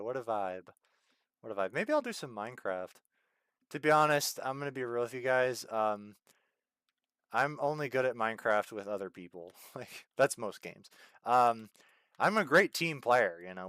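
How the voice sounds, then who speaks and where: A man with a hoarse voice chatting casually while streaming a game, ranting in exasperation and swinging between loud outbursts and low mutters into a desk mic. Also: no room sound, studio quality. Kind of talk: casual gameplay stream chat.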